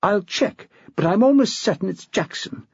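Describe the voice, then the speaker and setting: Male reader plays a brisk, bitter woman secretary, lively pitch, dry lo-fi sound. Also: gravelly, breathy edge, dry recording, exaggerated voice. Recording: dull dry lo-fi recording.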